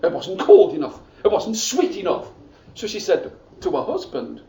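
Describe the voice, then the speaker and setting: Guy telling a story to school kids, high voice, expressive, asks them to join in, echoey room. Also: normal speed, vocal fry, recorded from a distance.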